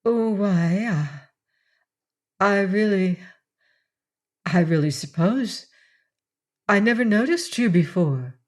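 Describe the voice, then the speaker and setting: A woman's voice: medium pitch, expressive, takes it slowly, long pauses. A woman reading a shy young secretary. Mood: flustered. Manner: earnest, stammering when flustered. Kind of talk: audiobook character reading.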